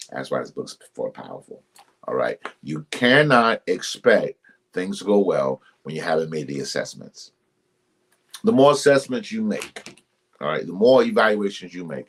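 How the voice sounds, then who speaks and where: A man hosts a ministry live stream and offers his viewers casual relationship advice. He speaks emphatically, repeating himself like a preacher, with sudden jumps in pitch and a breathy edge, and he greets commenters by name.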